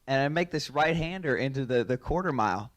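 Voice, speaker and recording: A man recounts a racing mishap in an animated storytelling manner, his voice sitting in a middle pitch. He chuckles through the telling and keeps the story rolling. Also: a little fast. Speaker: racing driver. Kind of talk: storytelling anecdote.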